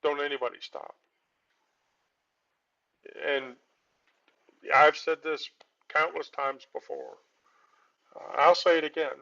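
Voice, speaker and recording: A man's voice: on the high side, fairly even intonation, takes it slowly, long pauses, sharp tone. A man hosting a live stream, talking in a consoling, rambling way with many filler sounds, heard on muffled lo-fi stream audio. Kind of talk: casual live stream talk.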